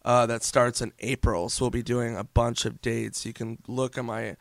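Gravelly man, loose profane storytelling. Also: mid-range voice, level tone, normal speed, fairly bright tone, dry recording, clean studio sound. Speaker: guest comedian and actor. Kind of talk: casual interview chat.

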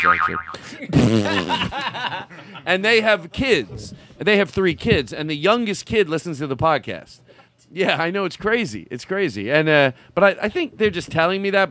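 A man's voice: a little high, fairly bright tone, no echo. A man hosting a comedy podcast in casual chat, rambling, laughing and interrupting himself. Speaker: podcast host.

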